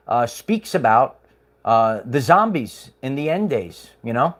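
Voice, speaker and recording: A man's voice: on the high side, big pitch swings, normal speed. A man hosting a livestream, chatting casually in a rambling way with chuckles and many fillers. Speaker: livestream host.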